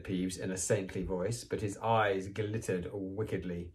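A man reading a children's novel aloud, with expressive, animated storytelling. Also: low voice, measured pace, few pauses. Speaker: reader.

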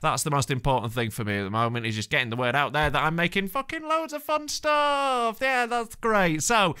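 A British man tears into his subject in a sweary, sarcastic comic rant. His pitch leaps all over the place. His tone is bright and cutting, and his delivery is exasperated throughout. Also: animated, a little fast, smooth. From Britain. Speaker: stand-up comedian and podcast host.

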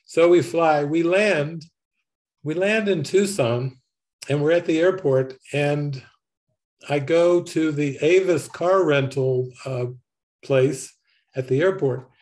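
A man, a spiritual teacher, telling a lively story and laughing often. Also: a little high, takes it slowly. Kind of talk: storytelling talk.

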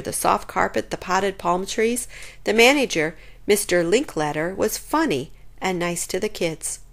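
A woman reading a children's chapter book aloud in an expressive, lively way. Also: mid-range voice. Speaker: storyteller.

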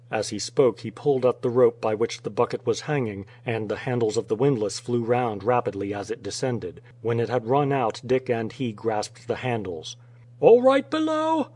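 A man reading an adventure story aloud as an audiobook narrator, in a steady storytelling manner. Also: mid-range voice. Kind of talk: scripted narration.

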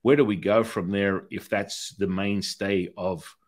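A man's voice: on the low side, fairly even intonation, a little slow. A middle-aged man hosting an interview podcast, talking in a rambling way with restarts and anecdotes. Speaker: podcast host. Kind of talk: conversational interview.

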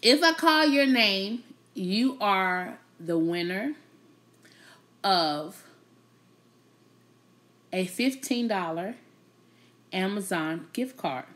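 A woman's voice: mid-range voice, expressive, very slow, pauses often, fairly bright tone. A woman hosting a casual live stream, chatting playfully with her viewers, teasing them and laughing often.

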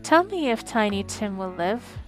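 A woman's voice: medium pitch, very animated, a little slow, faint music behind. A woman reading the lines of an old miserly man who pleads anxiously with a spirit. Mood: pleading.

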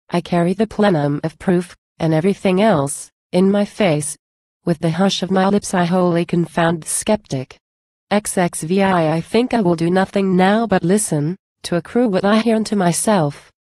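Woman reader, poetry recitation, measured and declamatory, mellow lowish voice. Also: no echo.

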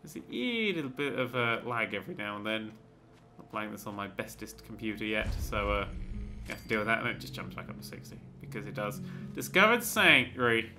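A man's voice: fairly low pitch, very animated, brisk, over music. A man hosting a let's play, talking through the game with jokey, sweary, rambling asides. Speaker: gaming channel host.

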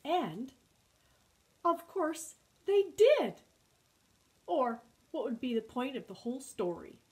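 Woman librarian, storytime reader, high voice, unhurried. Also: slight background noise, rough recording. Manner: expressive, animated storyteller. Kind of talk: storytime read-aloud.

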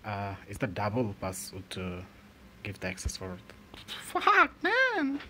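A man's voice: sits low, level tone, normal speed, slight background noise. A young man commentating his football video game in frustration, swearing often and grumbling. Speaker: gaming channel host.

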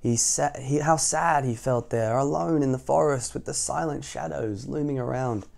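A man reading a children's picture book aloud as the storytime host, adding gentle asides to young listeners. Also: mid-range voice, moderate pace, creaky. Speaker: storytime reader.

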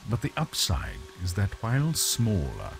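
An actor playing a sly, cryptic male cat in a video game, with a deep, drawling, theatrical voice. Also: wildly swooping pitch, a little slow, gravelly, noisy background, heavily acted. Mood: sardonic. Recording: game audio with music behind.

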